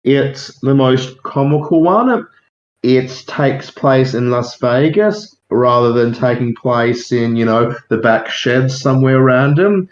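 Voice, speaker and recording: A man's voice: medium pitch, animated, takes it slowly. A man in a casual podcast discussion, chatty and enthusiastic. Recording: echoey, dull lo-fi room sound.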